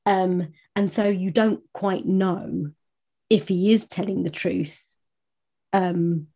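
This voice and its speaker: A woman co-hosting a book podcast, talking casually and hesitantly with many pauses to think. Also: on the low side, steady tone, warm tone, husky. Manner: hesitant, many fillers, laughs often. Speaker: podcast co-host.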